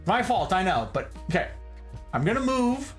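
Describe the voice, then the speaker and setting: A man hosts a relaxed livestream from an indoor room full of plants, and his voice swings widely up and down as he chats. He talks in an animated, chatty way and reads viewer comments aloud. Faint music plays behind him. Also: high-pitched, normal speed. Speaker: livestream host. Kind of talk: casual livestream chat.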